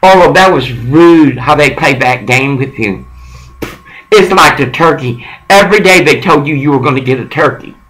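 A man's voice: fairly high pitch, moderate pace, fairly bright tone. A middle-aged man on a one-sided phone call, rambling, coaxing and profane. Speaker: caller.

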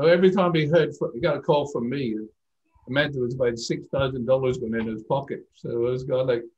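A man's voice: medium pitch, a little mellow, dull audio. Chatty middle-aged Irish man. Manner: chatty, laughs between anecdotes, self-deprecating. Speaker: guest, speaker agency owner. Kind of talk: casual interview storytelling.

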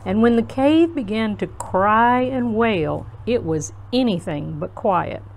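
Woman reading a children's storybook slowly. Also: mid-range voice, vocal fry. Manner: slow, gentle, expressive reading. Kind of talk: storybook read-aloud.

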